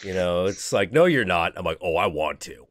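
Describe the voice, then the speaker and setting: A man's voice: sits low, expressive, moderate pace, dry recording, studio quality. A young man hosting a stream, ranting in casual chat with lots of profanity and mock voices for other people. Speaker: stream host.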